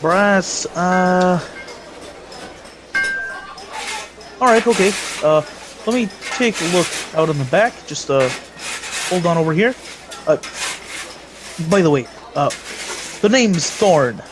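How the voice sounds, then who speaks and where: A man voicing a gruff, bald male dwarf blacksmith who talks with hesitant fillers. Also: high-pitched, animated, unhurried, long pauses, noisy background, pitched above the performer's own voice. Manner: hesitant, filler-heavy speech.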